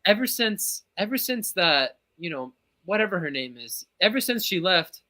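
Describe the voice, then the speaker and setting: A man's voice: high voice, big pitch swings, moderate pace, sharp tone. A man co-hosting a casual football podcast, talking through transfers in a chatty, analytical way. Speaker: podcast co-host.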